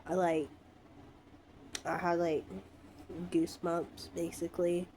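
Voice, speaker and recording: Congested woman, slow halting vlog talk. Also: on the low side, level tone, a little mellow, a little hiss or hum. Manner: halting, with frequent ums. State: stuffy, congested from a cold. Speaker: vlogger. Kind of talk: casual vlog update. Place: her bedroom.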